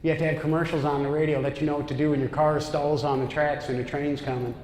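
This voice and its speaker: A man's voice: on the high side, flat delivery, fast talker, darkish tone. A man from upstate New York doing a stand-up comedy set on a club stage, with a brash, punchy delivery and asides to the crowd. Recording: echoey club room with noise. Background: audience laughter.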